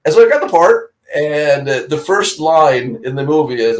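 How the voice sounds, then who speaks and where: Danish man telling lively chat stories. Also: on the high side, normal speed, low-quality recording. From Denmark. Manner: chatty storyteller, laughs often, acts out voices. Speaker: co-host of live chat. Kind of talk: casual live-stream chat.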